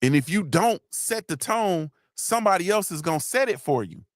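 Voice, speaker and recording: A middle-aged man hosts a live motivational talk in a lively voice at normal speed, with clean studio quality and no room sound. Preachy and repetitive, he shouts out viewers, and as he gets emotional his voice drops low.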